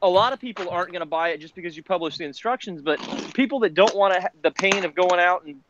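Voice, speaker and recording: A guest chatting casually on a video call, lively and teasing. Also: mid-range voice, fast, muffled recording, noisy background.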